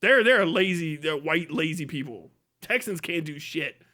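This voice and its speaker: High, bright-voiced ranting man. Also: lively intonation, a little slow. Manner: laughs often, crude and mocking. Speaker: livestream host. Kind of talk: profane comedic rant.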